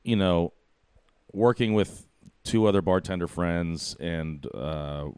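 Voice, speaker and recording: A man casually telling a story about his bartending job, animated, acting out the quotes, with plenty of swearing. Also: deep voice, takes it slowly, smooth, dry recording, studio quality. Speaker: bartender and podcast guest.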